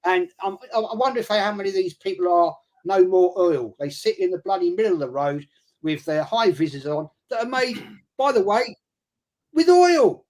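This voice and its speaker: A man's voice: sits high, animated, normal speed, darkish tone. A man with a London accent joining a casual fan chat. He talks bluntly, swears, and mocks rivals in sarcastic put-on quotes. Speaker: guest fan pundit.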